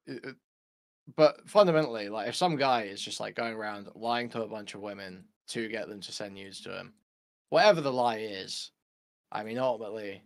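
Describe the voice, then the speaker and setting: Fast, gravelly-voiced male caller. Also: on the low side. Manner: rapid, halting, with repeated restarts. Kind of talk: casual livestream chat.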